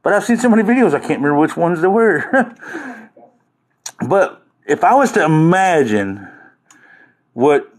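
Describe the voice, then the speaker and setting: A man's voice: a little high, very animated, a little slow, long pauses. Laughing, rambling man on a livestream. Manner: joking, laughing often, rambling. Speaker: livestream host chatting with viewers. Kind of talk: casual livestream chat.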